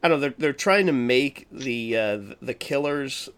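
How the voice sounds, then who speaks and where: A man's voice: mid-range voice, normal speed, a bit bright, smooth. A man co-hosting a casual podcast chat, talking emphatically with lots of swearing and restarts. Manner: profane, emphatic, rambling with restarts. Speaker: podcast co-host. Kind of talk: casual horror movie chat.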